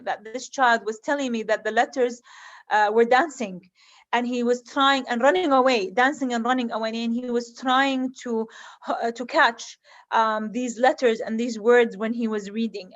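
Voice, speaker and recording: A woman who is an eye doctor, lecturing in English with an Arabic accent, halting and earnest with many ums. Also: on the high side, muffled recording.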